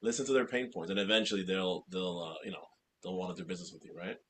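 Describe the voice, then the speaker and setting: A male podcast host asking questions in a relaxed way, trailing off with fillers. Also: sits low, quick pace. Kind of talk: interview questions.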